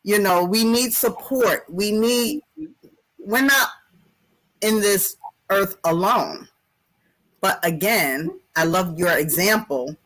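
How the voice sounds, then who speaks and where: Slow-talking woman hosting a heartfelt chat. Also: medium pitch, a bit bright, poor audio. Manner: affirming, emotional, slow and reflective. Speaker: podcast host. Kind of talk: casual chat.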